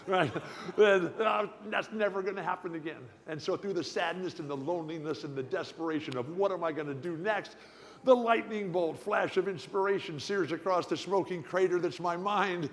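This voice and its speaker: An older man speaks as guest at a banquet in a slightly high voice. He tells his stories with animated energy, often restarting or repeating a word before pressing on. The sound carries a long reverb from a large hall. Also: fairly quick. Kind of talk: after-dinner speech.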